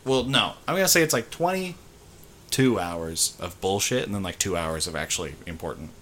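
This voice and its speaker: A young man co-hosting a casual podcast, with a very low voice and a bright edge. He talks bluntly, swears casually and restarts his sentences. Faint background hiss runs under the voice. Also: lively intonation, moderate pace. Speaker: podcast co-host. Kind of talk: casual chat.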